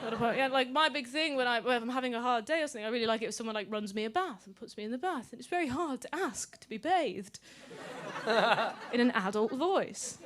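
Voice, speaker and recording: A woman on a comedy club stage, chatting with the crowd in a slightly high voice. She banters easily and swears freely as she does stand-up crowd work. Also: lively intonation, fairly quick, a bit bright.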